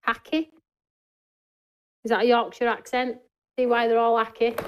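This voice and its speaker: A woman's voice: on the high side, little pitch movement, fairly quick, muffled recording, slight background noise. A woman hosting a live craft demonstration in a studio, chatting to her viewers and answering their comments as she works. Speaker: craft show host.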